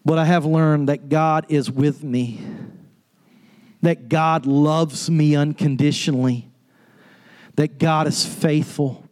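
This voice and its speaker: A pastor preaching an earnest sermon on grief, rising to an impassioned pitch. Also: male voice, fairly even intonation, slow, pauses often. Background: soft guitar music.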